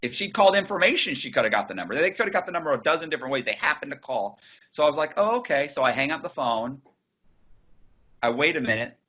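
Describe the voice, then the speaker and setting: A man's voice: medium pitch, expressive, quick pace, sharp tone, breathy edge, highs cut off. A man in an interview telling a story casually and bluntly, acting out the dialogue and swearing freely. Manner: acts out dialogue from his story.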